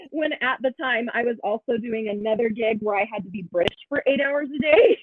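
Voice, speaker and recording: A woman's voice: fairly high pitch, a little fast, phone-quality sound, noisy background. A woman actor chatting on a commentary track, playful and giggly. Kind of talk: casual commentary chat.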